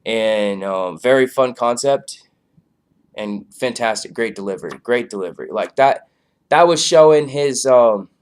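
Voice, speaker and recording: A man with a medium-pitched, smooth voice speaks a little slowly as he casually reviews a comedy show. He rambles loosely and laid-back, with lots of fillers.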